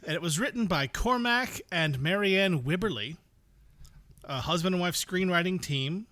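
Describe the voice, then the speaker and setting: A man's voice: sits high, lively intonation, normal speed, bright, forceful tone. A man hosting a movie podcast, chatting casually and reading out film credits with dry sarcasm. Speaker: podcast host. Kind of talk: casual movie review chat.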